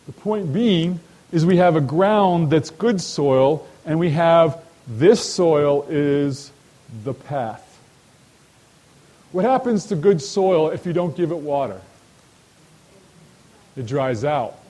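A man with a slightly higher voice leads a Bible study in a sermon style. He keeps turning to his listeners with quick rhetorical questions. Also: animated, warm tone, poor audio. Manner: asks rhetorical questions and addresses listeners directly. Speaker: Bible teacher.

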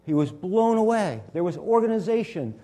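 A man reading scripture slowly and deliberately, then explaining the meaning of the words as a Bible teacher. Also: high voice, sing-song, dark tone. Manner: explains word meanings and pronunciations.

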